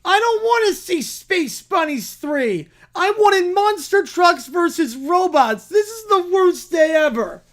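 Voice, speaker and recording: A man's voice: very high-pitched, very animated, slow pace, few pauses, fairly bright tone, voice pushed up, exaggerated voice. A man voicing a small, tantrum-prone child who whines and wails about everything. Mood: whiny. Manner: whining and wailing. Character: whiny, tantrum-prone little kid.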